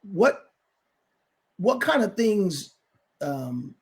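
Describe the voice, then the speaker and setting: A man hosting a casual podcast interview, asking halting questions with a joking edge. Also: high-pitched, big pitch swings. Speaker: podcast host.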